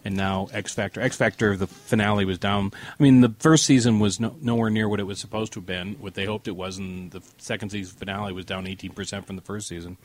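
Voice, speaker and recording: A man with a fairly low voice chats on a podcast about television. He talks in stops and starts, with repeated words as he works through an argument. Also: steady tone, fast, hardly any pauses, no room sound. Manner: hesitant, restarts when arguing a point. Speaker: podcast co-host. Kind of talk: casual chat.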